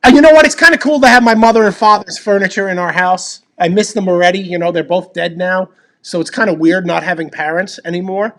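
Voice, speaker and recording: A man hosts a laid-back live show, reading viewer comments and cursing freely. His voice sits high and carries a gravelly rasp. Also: fairly even intonation, a bit bright. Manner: profane, joking, quick to answer viewers. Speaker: podcast host.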